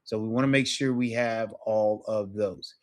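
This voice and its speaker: A man's voice: fairly low pitch, steady tone, normal speed. A man teaching a language class, explaining patiently and checking in with his students often. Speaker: Spanish teacher. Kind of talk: online class lesson.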